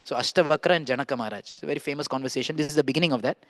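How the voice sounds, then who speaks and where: A man giving a scripture class as a monk, telling a story in an animated way and slowing down for emphasis. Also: medium pitch, no room sound. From India. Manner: animated storyteller, acts out quoted dialogue, slows for emphasis. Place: temple hall.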